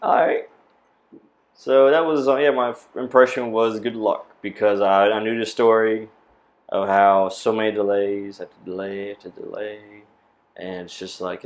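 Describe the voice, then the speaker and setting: A man's voice: on the low side, steady tone, normal speed. A man moderating a casual group discussion about a movie, loose and jokey, often breaking into chuckles.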